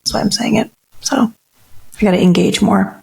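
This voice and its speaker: A woman's voice: mid-range voice, fairly even intonation, moderate pace, gravelly, dark tone. A woman therapist co-hosting a podcast, talking candidly and reflectively in long stretches. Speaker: therapist co-host. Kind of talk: casual podcast chat.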